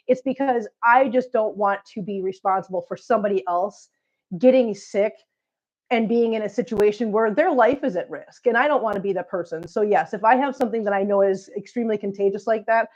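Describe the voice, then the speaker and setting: Sick middle-aged lady rambling to her chat, a bit hoarse, dull lo-fi sound. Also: fairly high pitch. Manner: chatty, rambling, warm greetings to viewers. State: sick, coughing. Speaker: vlog host reading live chat. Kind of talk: casual live-stream chat.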